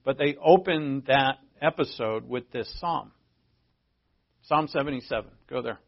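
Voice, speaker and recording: A man's voice: mid-range voice, unhurried, vocal fry. A man preaching a sermon, talking conversationally and reading scripture aloud, with emphatic bursts. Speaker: pastor. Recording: dull lo-fi sermon recording.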